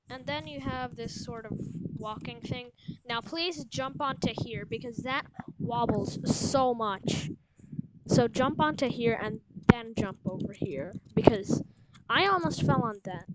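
A woman hosting a casual gameplay walkthrough, rambling and unsure of herself, with lots of fillers. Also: on the high side. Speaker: game guide host. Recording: loud background noise with clicks.

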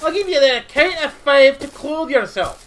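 A woman playing a multiplayer game in a put-on British accent, narrating her own moves and breaking into panicked shouts. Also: sits high, expressive, normal speed, slight background noise. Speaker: gamer.

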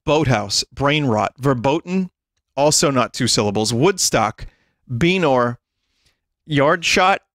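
Slow laid-back guy streamer, cracking up reading stuff to chat, dry close sound. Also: mid-range voice, expressive, a bit bright, no echo. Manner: amused, laughs often while reading a list aloud. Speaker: livestream host.

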